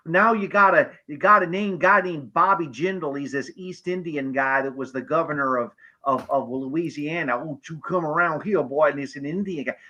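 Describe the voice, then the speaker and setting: A man's voice: on the high side, pushed and bright, poor audio. A man in a casual live-stream discussion who talks emphatically, agrees often and keeps checking with "you know what I'm saying".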